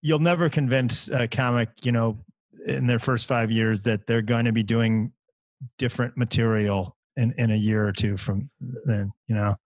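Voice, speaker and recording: A man's voice: mid-range voice, normal speed, no room sound. A man who is a stand-up comedian, telling stories in casual podcast conversation, stumbling over and repeating words as he talks. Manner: animated, repeats words, lively impressions in stories.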